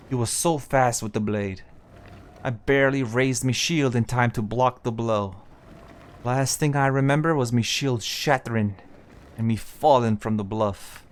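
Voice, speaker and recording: A battered male dwarf warrior from a fantasy game, boastful and gruff, telling of his last fight in a thick dwarvish brogue with clipped words, as a man reading the dialogue puts him on. His voice sits at an ordinary middle pitch for a man. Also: natural voice.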